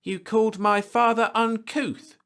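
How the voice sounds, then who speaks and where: A man reading a storybook aloud, voicing a proud, fiery young frontier woman who talks in a sharp, lecturing way. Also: high voice, fairly even intonation, a little slow, smooth, voice pushed up. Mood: angry, indignant.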